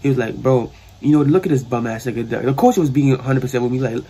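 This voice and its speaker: A young man's mid-range voice moves at a quick pace, a bit of hiss or hum underneath his New York accent. In a casual storytime filmed in his sister's bedroom, the vlogger rambles and animatedly retells events using slang.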